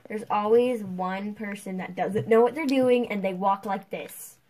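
A young adult woman chatting casually while playing a game, excitable and quick to poke fun at herself. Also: mid-range voice, slight background noise, low-quality recording. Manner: chatty, excitable, self-mocking. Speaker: gamer. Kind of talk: casual gameplay chat.

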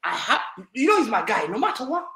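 A man on a football podcast panel, bantering loudly and teasing rival fans, laughing often as he talks. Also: very high-pitched, very animated, fast, gravelly, reverberant, low-quality recording. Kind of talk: loud banter-filled casual chat.

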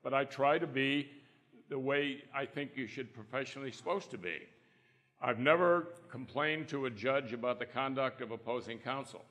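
A man's voice: medium pitch, normal speed, fairly bright tone. An older man, a trial lawyer on a panel, telling folksy anecdotes and acting out the quotes. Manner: folksy storyteller who acts out quotes. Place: conference hall. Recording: long reverb in a conference hall.

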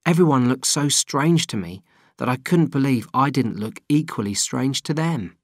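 A man narrating an audiobook in a plain, steady reading voice. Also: medium pitch, moderate pace, dry recording, studio quality. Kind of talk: scripted narration.

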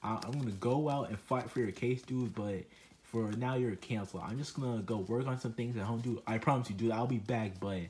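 A laid-back teenage puppet friend, played by a man, who drawls along and tacks "dude" onto everything. He talks in a relaxed, everyday register close to the performer's own voice. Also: mid-range voice, brisk, a little hiss or hum, close to an everyday voice. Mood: casual. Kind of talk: comedic puppet skit voice.

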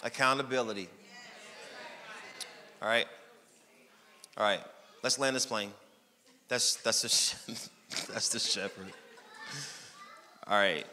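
A man preaching a sermon as pastor, energetic and joking, with bursts of shouting. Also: lowish voice, slow, long pauses. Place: church sanctuary. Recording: long hall reverb.

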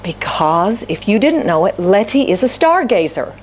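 Her mid-range voice is sing-song and moves at normal speed, with a bit of hiss or hum behind it. This middle-aged woman pastor preaches, questioning the congregation and acting out prayers and complaints in quoted voices.

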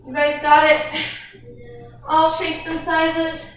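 A woman's voice: very high voice, monotone, slow pace, far from the mic, a little hiss or hum. Breathless woman coaching a workout, echoey. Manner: encouraging, breathless cues between exercises. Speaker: fitness instructor.

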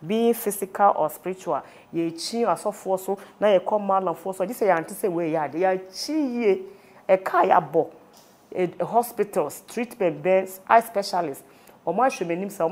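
A woman with a mid-range, darkish voice and a Ghanaian accent speaks as an interviewee. Combining Twi and English, she offers emotional testimony about a painful experience of her own.

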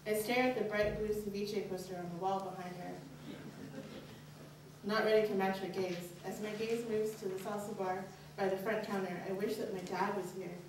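A woman's voice: steady tone, moderate pace, recorded from a distance, noisy background. Young woman telling her story in an echoey hall. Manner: earnest, candid, pitch rises sharply on anxious inner questions. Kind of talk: live personal storytelling. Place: college stage at a live showcase.

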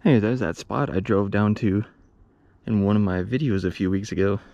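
A man's voice: fairly low pitch, normal speed, creaky, dark tone, muffled recording, slight background noise. A man out of breath, puffing between short remarks as he climbs a rocky outdoor trail with a camera mic. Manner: puffing and panting between short remarks while hiking uphill.

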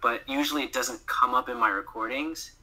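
Very bright, chatty male voice actor. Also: medium pitch, steady tone, a little fast, low-quality recording. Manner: chatty, laughs often, fills with "like". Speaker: guest voice actor. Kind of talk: casual podcast chat.

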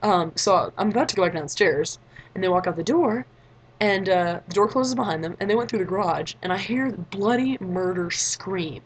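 This late-teen vlogger tells a chatty story, putting on voices for what others said and leaning heavily on "like." She speaks at normal speed with a medium pitch and lively intonation, over slight background noise and poor audio quality.

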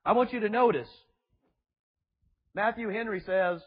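A man's voice: sits high, measured pace, slightly rough, muffled recording. A man preaching a fiery sermon to a congregation, emphatic and full of rhetorical questions and mocking asides. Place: church before a congregation.

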